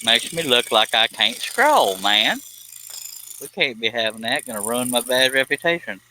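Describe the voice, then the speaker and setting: A man's voice: medium pitch, lively intonation, normal speed, pushed and bright, a little hiss or hum, low-quality recording. A man chatting casually and joking about himself while he cuts wood on a live stream. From central United States. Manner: joking, self-deprecating, talks while scroll-sawing.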